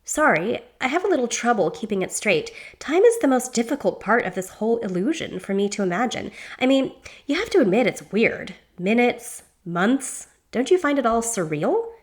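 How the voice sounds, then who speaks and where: A woman's voice: fairly high pitch, very animated, normal speed. A woman reading a book aloud and voicing a jovial, whimsical female boar with a quizzical manner and bursts of laughter.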